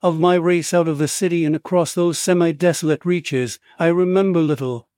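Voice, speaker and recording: Guy reading a spooky story, slightly high voice, dramatic and steady, dead dry sound. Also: moderate pace, no room sound. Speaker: audiobook narrator. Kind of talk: scripted first-person horror narration.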